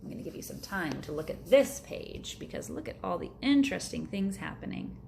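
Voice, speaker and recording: A woman's voice: on the low side, big pitch swings, fairly quick, vocal fry, darkish tone, a little hiss or hum. A woman reading a picture book aloud to children, playfully voicing sound effects and chatting about the pictures. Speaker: storyteller for children. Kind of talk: storybook read-aloud.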